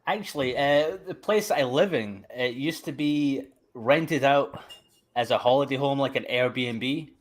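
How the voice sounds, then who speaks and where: A man's voice: mid-range voice, slow pace, few pauses. A Scottish man talking as a podcast guest, joking and swearing in casual banter. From Scotland. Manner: profane, joking.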